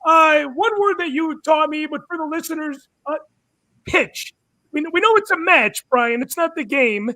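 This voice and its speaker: A man's voice: extremely high pitch, lively intonation, normal speed, pushed and bright. A man hosting a podcast in casual chat, playful and quizzing, laughing often. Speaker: podcast host.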